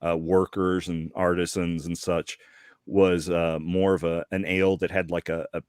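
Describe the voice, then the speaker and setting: A man with a very deep voice chats in a dry, close sound. He teases the others and needles them with pointed questions. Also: little pitch movement, moderate pace, a little mellow, clear, resonant tone, no room sound. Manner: teasing, asks probing questions. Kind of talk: casual chat.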